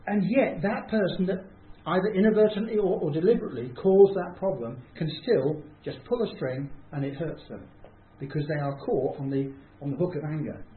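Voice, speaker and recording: A man with a fairly high voice talks briskly to a small group, barely pausing in his informal delivery. Self-deprecating, he acts out how people responded, on a tinny, roomy recording carrying a faint hiss.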